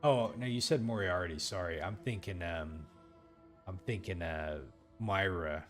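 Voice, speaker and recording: Man, very low voice, let's play commentary, rambling, lots of fillers, faint game music behind. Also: unhurried, a bit bright. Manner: rambling, loose, heavy with fillers.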